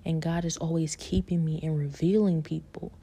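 A woman giving a personal faith testimony in a soft, halting way, often slipping into a whisper. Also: low-pitched, steady tone, slightly rough. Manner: fillers like "like" and "you know".

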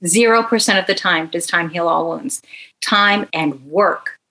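A woman author talks on a podcast in a lowish voice. She is earnest and emphatic, building her points through rhythmic repetition. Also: unhurried, bright, forceful tone, rough recording. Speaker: memoir author guest. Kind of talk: podcast interview.

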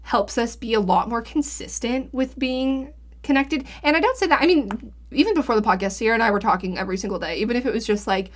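A woman's voice: a little high, quick pace. Woman, podcast co-host, casual advice chat, friendly, reflective, "you know" fillers.

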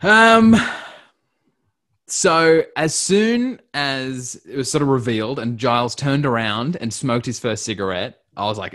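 A man's voice: mid-range voice, lively intonation, measured pace, fairly bright tone. A man co-hosting a casual podcast, talking in an easygoing, self-deprecating way with frequent restarts. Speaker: podcast co-host.

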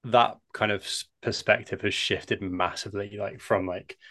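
Easygoing male co-host with a slightly low voice; casual banter. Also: steady tone, measured pace, hardly any pauses, a bit bright. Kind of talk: casual chat.

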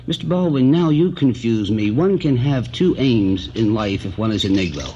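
A man moderates a televised panel with formal, pointed questions and presses for direct answers. His pitch is ordinary. The archival recording is muffled, with a faint hiss underneath. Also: animated, moderate pace, mellow.

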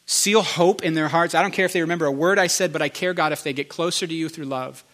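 A man giving a spoken prophetic prayer over a couple, earnest and repetitive, with halting restarts. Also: a little high, a bit bright. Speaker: prophetic minister.

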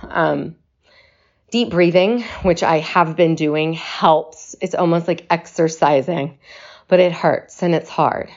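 A woman speaking slowly and reflectively in a personal video message, short of breath and pausing to reassure her listeners. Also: sits low, lo-fi sound. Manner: slow, reflective, reassuring delivery.

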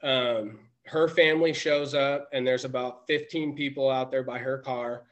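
A man's voice: mid-range voice, steady tone, normal speed, dull audio. A man telling a personal story as a podcast guest, rambling with many restarts and self-corrections. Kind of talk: casual storytelling.

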